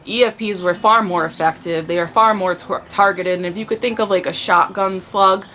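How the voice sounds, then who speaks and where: A woman's voice: lowish voice, fairly even intonation, moderate pace, pushed and bright, a little hiss or hum. A woman who served in the army, giving an earnest, conversational personal testimony full of fillers and restarts.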